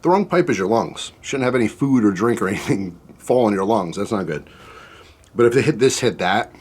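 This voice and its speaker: A man with a fairly low voice rambles casually through a spicy soup taste test. He fills gaps with "um" and "like" and drifts off topic. His mouth burns from the heat as he talks. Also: lively intonation, fairly quick, a little mellow, husky. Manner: chatty, rambling, with many fillers and asides. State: mouth burning from spicy food. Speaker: food reviewer.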